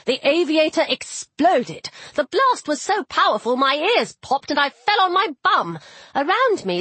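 A woman reads a first-person audiobook, her fairly high voice moving widely in pitch. Her storytelling is expressive and lively. The sound is dry and close. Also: dry recording. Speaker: audiobook narrator.

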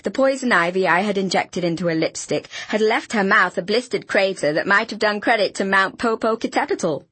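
A woman reading an audiobook in a brisk, wry storytelling manner, with a husky voice. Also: mid-range voice, lively intonation, fairly bright tone, no room sound. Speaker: audiobook narrator. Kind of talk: scripted narration.

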